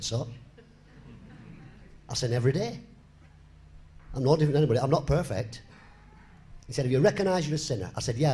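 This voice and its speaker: A man in his fifties, a comedian telling his life story to a live audience and acting out both sides of the conversations. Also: fairly high pitch. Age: 50s. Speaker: comedian giving a testimony on stage. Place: live venue before an audience.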